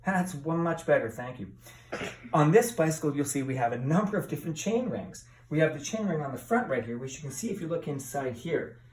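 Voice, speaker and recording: A man's voice: a little high, lively intonation, a little fast, darkish tone, far from the mic, a little hiss or hum. A middle-aged man teaching a lesson with a bike demonstration, chatty and playful, asking his class questions. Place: indoor room with bikes. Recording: echoey room, voice from afar.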